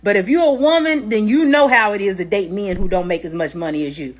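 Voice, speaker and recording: A woman's voice: mid-range voice, fast talker. Blunt woman ranting casually. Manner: blunt, emphatic, dismissive. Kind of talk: casual rant.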